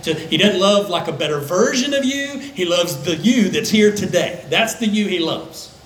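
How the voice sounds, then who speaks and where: An older man, a pastor, preaching a conversational sermon that dips into soft, low tones for emphasis. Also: lively intonation, moderate pace, reverberant, slight background noise, rough recording. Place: church sanctuary.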